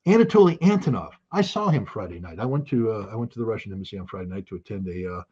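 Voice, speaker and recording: Man ranting emphatically, keeps repeating his point, raspy voice, muffled lo-fi sound. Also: fairly low pitch, animated, very fast. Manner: emphatic and forceful, repeats key phrases. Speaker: political commentator. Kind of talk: impassioned spoken commentary.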